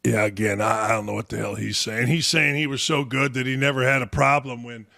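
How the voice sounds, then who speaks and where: Middle-aged American man, sports talk host, gravelly, bright and forceful, profane blunt rant. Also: mid-range voice, steady tone, a little fast, no echo, clean studio sound. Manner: blunt, profane, fiery ranting with shouted outbursts.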